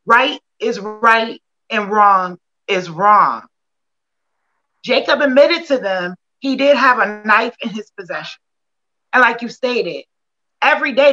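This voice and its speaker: A woman co-hosting a talk show, agreeing warmly with her panel and animatedly acting out her own reactions. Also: fairly high pitch, dull audio. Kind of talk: panel discussion.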